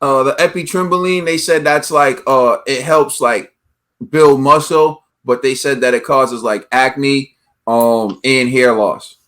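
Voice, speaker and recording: A man's voice: medium pitch, steady tone, measured pace, fairly bright tone. A man hosting a casual boxing podcast, speaking casually and hesitating over hard words. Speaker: podcast host.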